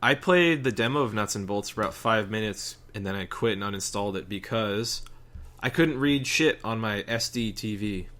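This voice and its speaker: A young man co-hosting a podcast, chatting in a playful, animated way and swearing freely. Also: lowish voice, normal speed. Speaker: podcast co-host. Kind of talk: casual chat.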